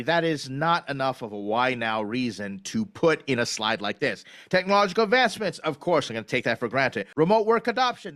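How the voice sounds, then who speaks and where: Guy roasting pitch decks on a video call, kinda high voice, blunt and direct. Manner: blunt, direct, lively emphasis. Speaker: pitch deck reviewer. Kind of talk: candid video critique. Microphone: video call recording.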